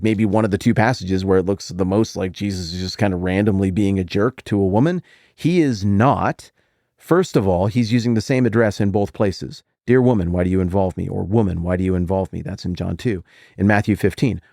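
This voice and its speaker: A middle-aged man hosting a Bible podcast, teaching in a casual, animated way with jokey asides and sudden high jumps when he quotes people. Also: vocal fry, no room sound, clean studio sound. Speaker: podcast host.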